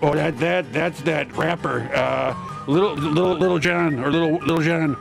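A man's voice: a little high, steady tone, moderate pace, vocal fry, over music. A man hosting a radio show, talking in a rambling, stammering way with frequent laughs. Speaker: radio host.

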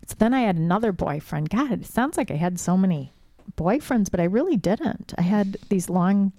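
Middle-aged woman, creaky low-ish voice, dry close sound, casual suspenseful storyteller. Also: animated, moderate pace, dark tone, no echo. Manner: suspenseful, conversational storytelling with frequent "like" fillers.

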